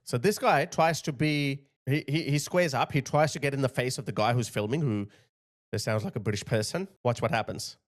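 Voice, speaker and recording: A man's voice: mid-range voice, normal speed, slight background noise. A man hosting a commentary channel, talking emphatically and indignantly over video clips.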